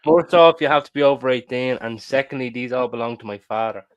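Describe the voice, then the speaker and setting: A man's voice: mid-range voice, fairly quick, clear, resonant tone, dry recording, muffled recording. A man co-hosting a casual football podcast, opinionated and jokey. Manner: opinionated, jokey, repeats himself. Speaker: podcast co-host.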